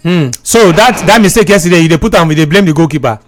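High-voiced Nigerian radio host. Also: male voice, lively intonation, quick pace, faint music behind. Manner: chatty, questioning callers. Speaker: radio sports show host. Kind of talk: casual call-in chat in Nigerian Pidgin and English.

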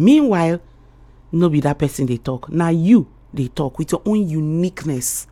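A woman with a Nigerian accent hosts a morning radio show, preaching motivation and calling her listeners darling and sweetheart. She uses rhythmic repetition and swings between loud and quiet, speaking at a moderate pace in a low voice with lively intonation.

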